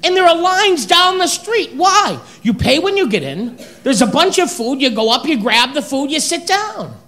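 A stand-up comedian doing an exasperated routine, shouting the punchlines at a live show. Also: high-pitched, big pitch swings, normal speed. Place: comedy stage before an audience. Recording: live show with loud audience laughter.

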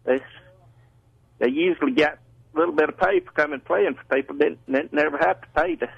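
A man's voice: a little high, fairly quick, creaky, slightly rough, dry recording. A man calling in to a radio show, telling a story in a folksy way. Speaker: caller. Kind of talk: phone call-in chat. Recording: muffled phone line.

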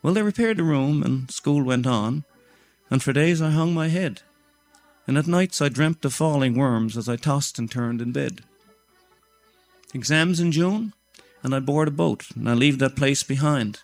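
A man's voice: mid-range voice, unhurried, soft background music. Older man reciting a rhyme. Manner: rhythmic, rhyming recitation. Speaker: storyteller. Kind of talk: recited rhyming tale.

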